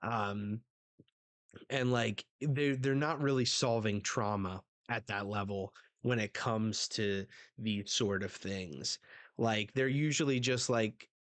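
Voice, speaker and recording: A man with a lowish voice talks slowly through a casual reaction stream. He is relaxed and hesitant, with many fillers and restarts. The sound is dry and close. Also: dry recording. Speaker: host. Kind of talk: casual live manga reaction.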